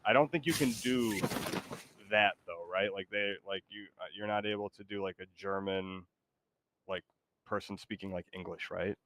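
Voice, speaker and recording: A man's voice: lowish voice, moderate pace, fairly bright tone, slight background noise, rough recording. A man streaming a game, chatting casually and hesitantly, often trailing off with fillers. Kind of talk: casual gaming chat.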